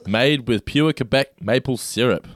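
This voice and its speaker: A man's voice: medium pitch, measured pace, dry recording, clean studio sound. A man, co-hosting a casual snack taste test and describing each food with enthusiasm. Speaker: co-host.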